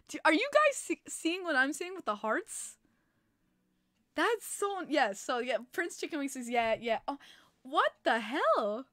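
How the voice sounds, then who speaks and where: A woman's voice: high voice, big pitch swings, slow pace, pauses often, bright, forceful tone, no echo, clean studio sound. A woman hosting a casual hockey podcast livestream, chatting with many fillers and laughing often. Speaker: podcast host.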